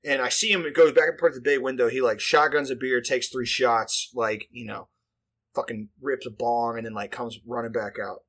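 A man's voice: medium pitch, steady tone, normal speed, a bit bright. A man, telling a profane, rambling story in casual chat. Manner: profane, rambling, filler-heavy delivery.

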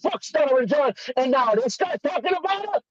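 High-voiced man taunting, dull dry sound. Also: expressive, fairly quick. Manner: taunting, mocking, profane. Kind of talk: trash-talking comedy banter.

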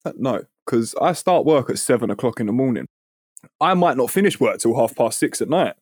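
A man, telling a story on a podcast in a casual, animated way and swearing freely. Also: mid-range voice, fairly quick, breathy edge, no room sound, clean studio sound. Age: 30s. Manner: animated, swears freely, acts out quoted voices. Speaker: podcast co-host.

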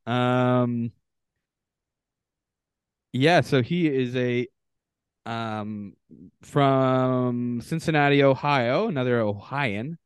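A man's voice: mid-range voice, very slow, pauses often, clear, resonant tone, no echo, studio quality. A man from Canada co-hosting a casual podcast, reading contestant bios aloud with offhand asides. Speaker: podcast co-host.

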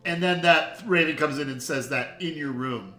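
A man narrating as game master of a tabletop game, animated and laughing as he tells the story. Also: on the high side, normal speed. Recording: echoey room.

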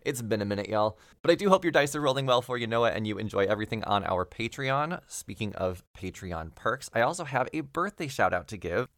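A man's voice: lowish voice, fairly bright tone, dry recording, clean studio sound. A man hosting a tabletop role-play podcast, chatty and laughing at himself as he reads thanks and announcements. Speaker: game master and podcast host. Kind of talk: podcast announcements and game narration.

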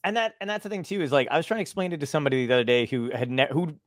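A man who does stand-up comedy, telling stories in casual chat, animated and profane. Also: fairly high pitch, rapid-fire, no echo.

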